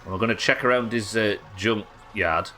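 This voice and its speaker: This man's voice sits fairly low, with a sharp tone and a moderate pace, and there's slight background noise. While live-streaming a game, he chats, jokes, and swears freely in casual commentary.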